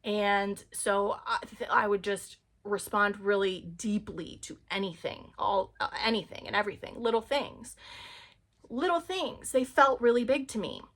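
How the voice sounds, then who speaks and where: A woman's voice: mid-range voice, unhurried, fairly bright tone. Earnest woman vlogging casually. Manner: earnest, rambling, many fillers. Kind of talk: casual self-help talk to camera.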